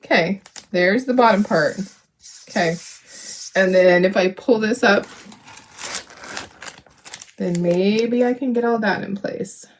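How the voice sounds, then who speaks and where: A woman's voice: medium pitch, slow, long pauses, a little hiss or hum. A woman hosting a live crafting demo, talking herself through each step, upbeat and self-deprecating, laughing often. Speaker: craft livestream host.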